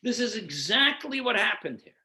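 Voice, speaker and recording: A man's voice: sits high, big pitch swings, normal speed, sharp tone. A man, a rabbi, teaching a Torah class, posing rhetorical questions and then answering them while guiding listeners through numbered source texts. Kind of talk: explanatory lecture.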